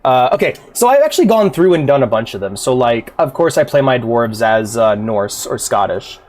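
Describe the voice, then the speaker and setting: A man's voice: medium pitch, big pitch swings, moderate pace, a little mellow. A man streaming a video game, chatting loosely with viewers, rambling and swearing freely, with faint game music behind. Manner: rambling, profane, chatty with chat. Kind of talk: casual gaming stream chat.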